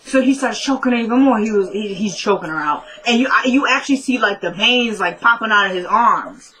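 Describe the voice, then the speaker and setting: A woman's voice: on the high side, lively intonation, a little fast, bright, forceful tone, slight background noise, low-quality recording. A young woman recapping a TV episode in casual chat, talking straight to her viewers and laughing often. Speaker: TV recap vlogger.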